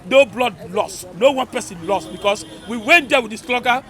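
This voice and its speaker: A man with a Nigerian accent, talking loudly and emphatically in a rambling street interview. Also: extremely high pitch, animated, moderate pace. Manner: fervent, loud, rambling and emphatic. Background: crowd noise.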